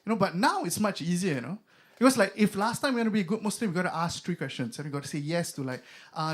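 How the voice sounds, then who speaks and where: A man's voice: sits high, expressive, quick pace. A young man with a Singaporean accent performing a stand-up comedy set, chatty and loose, with lots of fillers. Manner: conversational, filler-heavy, mock voices for bits.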